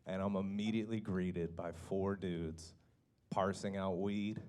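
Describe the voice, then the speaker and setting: A man's voice: deep voice, steady tone, unhurried, darkish tone. A man from Baltimore doing a stand-up set on a comedy club stage, chatty and laughing between lines as he talks to the crowd. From Baltimore, United States.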